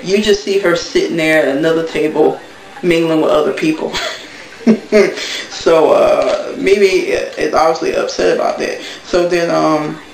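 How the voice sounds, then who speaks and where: A woman with a gravelly edge to her voice, recapping in a blunt, gossipy way and talking straight to her viewers. She sits back from the mic, and her voice rings in an echoey room. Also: sits low, fairly even intonation, unhurried, a little mellow, recorded from a distance. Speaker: TV recap vlogger. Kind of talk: casual episode recap.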